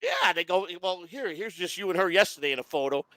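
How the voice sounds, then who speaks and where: A man's voice: high-pitched, fairly quick, no room sound, low-quality recording. A man hosting a casual online show, telling a long profane story and acting out the voices of the people in it. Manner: profane, animated, acts out quoted voices. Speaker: host.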